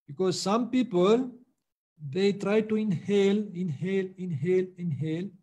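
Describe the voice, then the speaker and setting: Male meditation teacher, high gravelly voice, halting and patient delivery. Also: darkish tone. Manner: hesitant, many pauses and fillers, patient. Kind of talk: answering questions in a meditation class.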